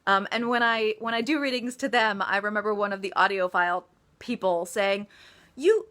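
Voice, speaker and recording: Bright, giggly American woman. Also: medium pitch, fairly even intonation, brisk. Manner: giggly, self-deprecating, chatty. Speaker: author. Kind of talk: casual live-stream Q&A.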